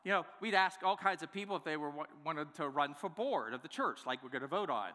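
A man preaching a sermon as pastor, playful and lively, acting out the excuses people give. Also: a little high, fast talker, big-room sound. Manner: lively, playful, acts out congregants' replies. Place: church worship center.

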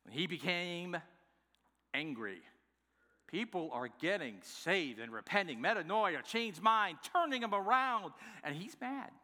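A man preaching a sermon in a casual, animated way, acting out scripture, recorded in a church sanctuary. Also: high voice, measured pace. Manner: animated, conversational, acts out scripture. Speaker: pastor. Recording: long echoing hall reverb.

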